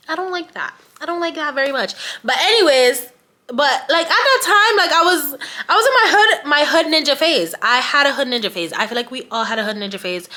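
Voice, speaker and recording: Chatty young woman with a bright voice. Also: a little high. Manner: chatty, slangy, animated asides. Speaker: storyteller. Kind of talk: casual storytime.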